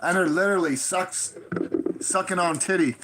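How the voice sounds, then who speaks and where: Profane animated woman, bright voice. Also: moderate pace, a little hiss or hum. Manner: profane, animated, swings pitch for quoted voices. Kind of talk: casual storytelling vlog.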